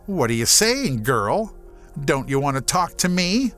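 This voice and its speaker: A man's voice: fairly high pitch, very animated, measured pace, a bit bright, faint music behind. A man voicing a sinister cursed woman from the netherworld, speaking in a coaxing, menacing way in an audiobook horror story.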